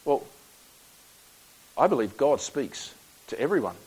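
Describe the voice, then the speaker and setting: A man's voice: mid-range voice, big pitch swings, measured pace, a little mellow, husky, poor audio. An Australian man preaching a sermon, telling a personal story in a conversational, folksy way with frequent restarts.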